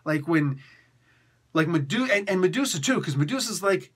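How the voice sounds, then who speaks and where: Male comic reviewer, high-pitched and bright, excitable, slangy, laughing throughout. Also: slightly rough. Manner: excitable, laughing, slangy, does quick voices. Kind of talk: animated comic review rant.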